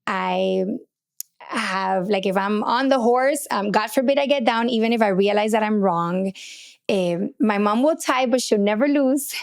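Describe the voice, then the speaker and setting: A woman's voice: mid-range voice, a little slow, creaky, clean tone. A middle-aged woman hosting a faith and relationships podcast, telling a personal story in a candid, chatty way and acting out her own thoughts. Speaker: podcast host.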